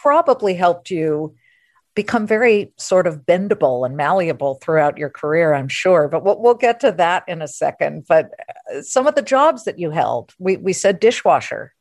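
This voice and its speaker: A woman hosting a podcast, chatting playfully and firing off quick questions in a casual interview. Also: on the low side, no room sound, clean studio sound. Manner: lively, playful, asks rapid questions. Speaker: podcast host.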